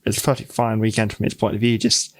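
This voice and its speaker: Co-host, man, lowish voice, measured and reflective, stammers a bit on restarts. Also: level tone. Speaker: podcast co-host. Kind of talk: casual chat.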